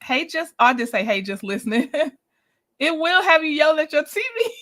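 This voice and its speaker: Bright-voiced chatty woman livestreaming. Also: high voice, lively intonation, normal speed. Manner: chatty, greets viewers by name, laughs often. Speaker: livestream host reviewing a reality show. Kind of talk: casual livestream chat.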